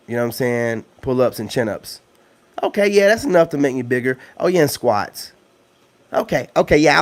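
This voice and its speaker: A man's voice: medium pitch, darkish tone. A man hosting a casual live stream, talking loosely with lots of slang and filler phrases. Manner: loose, slangy, full of "you know what I'm saying" fillers.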